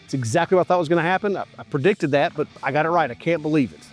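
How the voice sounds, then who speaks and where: Folksy man, slightly high voice. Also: rapid-fire, soft background music. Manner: folksy and enthusiastic, talks straight to viewers. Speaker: barbecue cooking show host. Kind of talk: casual cooking and tasting commentary. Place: outdoors at a grill.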